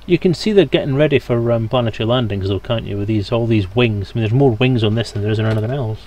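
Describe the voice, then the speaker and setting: A Scottish man with a warm, medium-pitched voice talks fast while streaming a game. He chats casually with his viewers as he plays, giving live-stream gaming commentary.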